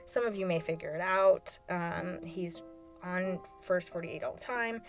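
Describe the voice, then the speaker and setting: A woman's voice: lowish voice, measured pace, soft background music. Emotional woman podcaster recounting her story. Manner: emotional, retelling phone calls with quoted dialogue. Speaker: podcast host. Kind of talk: personal storytelling monologue.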